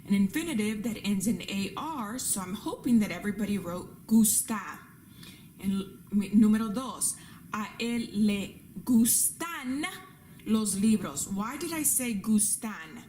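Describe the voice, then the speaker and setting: A patient woman teaching a classroom-style lesson, walking through rules step by step and repeating each point. Her voice sits at an ordinary middle pitch. A faint hiss of noise hangs under the recording. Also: expressive, moderate pace, warm tone. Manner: patient, repeats rules and examples, checks in with "right?". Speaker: Spanish teacher.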